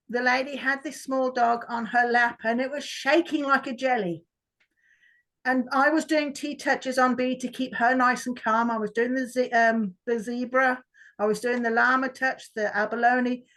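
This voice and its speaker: A woman's voice: sits high, steady tone, moderate pace, a bit bright, poor audio. A woman, a workshop participant, chattily telling a story about her dog on a video call. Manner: chatty, with restarts.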